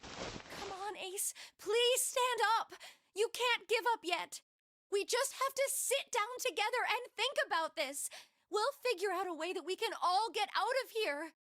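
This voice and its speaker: A woman's voice: very high-pitched, lively intonation, measured pace, a bit bright, dry recording, clean studio sound, voice pushed up, exaggerated voice. A woman voicing an earnest young woman who pleads anxiously with the others. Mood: pleading.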